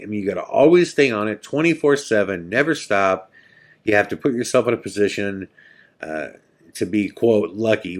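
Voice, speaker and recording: A man hosting a podcast, telling a story in a casual, halting way, full of fillers and repeated words. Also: low-pitched. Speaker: podcast host.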